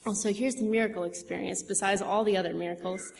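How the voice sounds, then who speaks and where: Speaking fast with vocal fry, a young woman of medium pitch and steady tone tells a church audience about her witnessing. Her testimony rambles chattily with many fillers and restarts, over crowd noise, long hall reverb, and faint noise.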